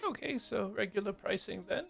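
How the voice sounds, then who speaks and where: A man's voice: sits high, brisk, vocal fry, fairly bright tone, breathy edge, soft background music, full character voice. A man voicing an effusive elderly father who runs a shop, gushing and chuckling. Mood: businesslike. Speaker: game master.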